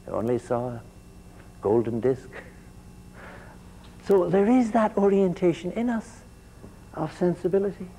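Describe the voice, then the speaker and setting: A man gives a university lecture in a mellow, dark voice. He often stumbles and repeats a word before going on, and he keeps turning to the students with questions. A faint hiss sits under the recording. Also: high voice, animated, a little slow, long pauses, poor audio. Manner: repeats words as he restarts and quizzes the class.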